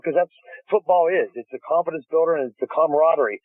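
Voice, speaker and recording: A man's voice: fairly high pitch, quick pace, dry recording. A man, a guest inventor on a phone interview, telling stories eagerly with frequent restarts. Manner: enthusiastic storytelling with many restarts. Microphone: phone call. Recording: dry tinny phone line.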